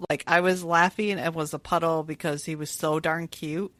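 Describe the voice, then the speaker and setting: A woman's voice: deep voice, steady tone, normal speed, a bit bright, no room sound. A woman co-hosting a podcast in casual chat, gushing and laughing as she talks. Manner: gushing, chatty, laughs while talking. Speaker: podcast co-host.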